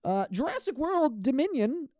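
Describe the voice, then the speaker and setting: Man, podcast host, rambling, swears a lot, goofy self-mocking jokes, lively swinging pitch, dry close mic. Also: normal speed, dry recording. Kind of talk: solo comedy podcast rambling. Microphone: studio podcast microphone.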